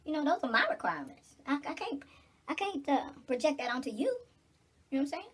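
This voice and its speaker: A woman's voice: high voice, big pitch swings, fast talker, fairly bright tone. A middle-aged woman in casual get-ready-with-me chat, blunt, preachy and full of cursing. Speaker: vlogger.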